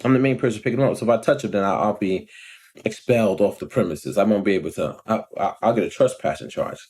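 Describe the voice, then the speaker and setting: A man, telling a story in a casual, animated vlog rant and often checking in with the listener. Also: fairly low pitch, quick pace. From Long Island, New York. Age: 40s. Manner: animated, acts out quoted voices, frequent "you know what I'm saying". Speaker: vlogger.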